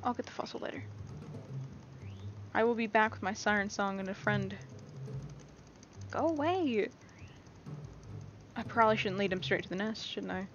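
A woman's voice: mid-range voice, fairly even intonation, fairly quick. A young woman giving casual, rambling let's-play commentary, playful and often reassuring herself. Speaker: gameplay streamer. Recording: dull lo-fi mic with faint hiss.

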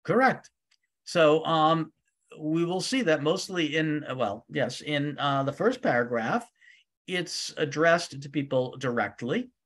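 A rabbi teaching a weekly Torah study class, reading Hebrew verses aloud and translating each one with many ums and uhs. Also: male voice, a little high, lively intonation, unhurried, fairly bright tone.

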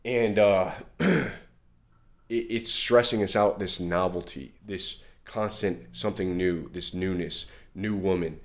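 A young man with a very low voice talks earnestly about confidence and self-improvement. His delivery is casual and loose, with many fillers and restarts as he pushes his points. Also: slow pace. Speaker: men's self-improvement coach. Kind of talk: casual motivational talk to camera.

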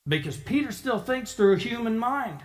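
A man preaching a sermon, telling a story with lively acted-out voices for the people in it. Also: extremely high pitch, moderate pace.

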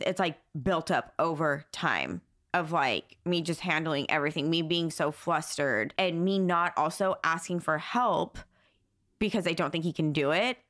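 A woman's voice: lowish voice, fairly bright tone, no echo, studio quality. A young woman guest talking candidly, frank and exasperated, swearing freely. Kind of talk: candid personal conversation.

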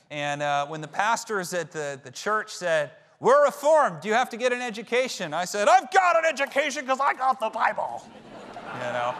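A man in his thirties with a fairly high, slightly bright voice preaches a sermon as a pastor. He tells stories in a conversational, self-deprecating way, and the recording carries a long hall reverb.

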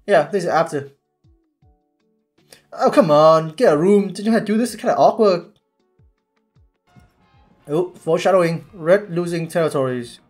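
A man giving casual commentary while watching a series, excitable and halting with many restarts. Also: fairly high pitch, faint music behind. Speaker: YouTube reactor.

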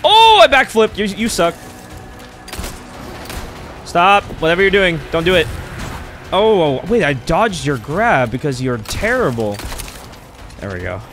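A man doing excitable gameplay commentary, trash-talking and swearing at enemies. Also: sits high, a little slow, pauses often. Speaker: let's play streamer. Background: game music.

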